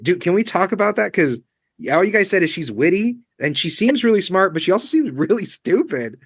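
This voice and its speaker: A man's voice: high-pitched, big pitch swings, fairly quick, husky, no echo, clean studio sound. Chatty man in a casual book chat. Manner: chatty, fills with "you know" and "um". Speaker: book club co-host.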